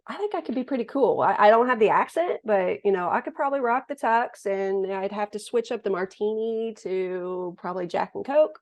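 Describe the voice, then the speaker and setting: A woman's voice: mid-range voice, a little mellow. A woman in her forties from the United States, a thriller author who answers interview questions in a casual, joking, self-deprecating way.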